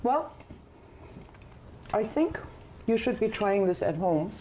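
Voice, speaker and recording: A woman's voice: mid-range voice, animated, slow pace, mellow, slight background noise. A woman hosting a TV cooking show, chatting enthusiastically about the food and coaxing her guest to taste it. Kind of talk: casual chat on a TV cooking show.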